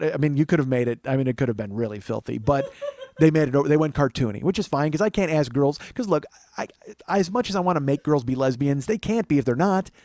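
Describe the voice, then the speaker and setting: A man's voice: on the high side, darkish tone, dry recording. A man in his forties hosting a comedy podcast, telling long rambling stories with plenty of swearing and self-mocking asides. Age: 40s. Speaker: podcast host. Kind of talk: comedic storytelling monologue.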